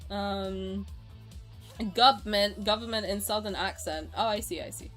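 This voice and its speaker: This is a woman streamer in casual conversation with her chat. She is excitable and swears freely, and she laughs easily. Her voice sits in an ordinary middle pitch, with faint music running underneath. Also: moderate pace. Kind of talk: casual live-stream chat, reacting to viewer comments.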